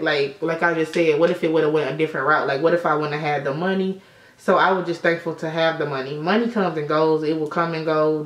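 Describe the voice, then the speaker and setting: A young beauty vlogger with a low voice chats casually through a makeup tutorial, telling stories and swearing a lot. She's recording in an indoor room at sunset with a roomy sound.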